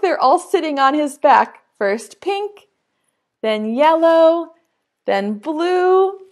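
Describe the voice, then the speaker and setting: In a high voice, a woman reads a picture book to young children as part of an online preschool lesson, speaking slowly in a singsong, storytime way and exclaiming with animation.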